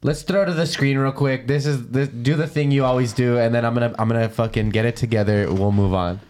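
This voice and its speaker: A man's voice: medium pitch, fairly even intonation, brisk, a little mellow. Scattered, rambling man on a podcast. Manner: scattered, self-deprecating, rambling. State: buzzed from nicotine. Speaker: podcast co-host. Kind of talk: casual comedic chat. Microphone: studio podcast mic.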